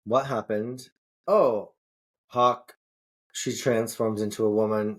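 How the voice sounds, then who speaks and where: A man's voice: on the low side, slow, pauses often. A man co-hosting a podcast who reads tarot, musing over a dream in casual chat. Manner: thoughtful, musing, short affirmations. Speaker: podcast co-host, tarot reader.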